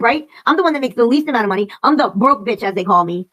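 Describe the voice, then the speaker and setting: A woman's voice: a little high, expressive, fast talker, few pauses, fairly bright tone, lo-fi sound. A woman in her forties hosting a livestream, ranting in a casual, rambling, profane way. She is upset and emotional, and she repeats herself. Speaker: livestream host.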